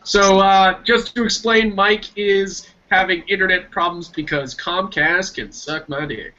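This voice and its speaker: A man's voice: high voice, steady tone, unhurried, bright, forceful tone. A man co-hosting a podcast, joking and crude in casual chat. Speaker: podcast co-host. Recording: dull lo-fi stream audio.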